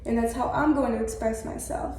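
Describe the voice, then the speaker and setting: A seventeen-year-old girl telling her story to an interviewer in an earnest, halting way, often restarting her sentences. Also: on the high side, steady tone, mellow. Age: teens. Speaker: interview guest. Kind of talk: candid personal interview. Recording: very echoey room with faint background noise.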